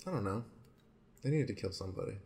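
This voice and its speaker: A young man co-hosting a podcast, chatting casually about a TV show, animated and swearing freely. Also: fairly low pitch, quick pace. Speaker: podcast co-host. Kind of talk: casual chat.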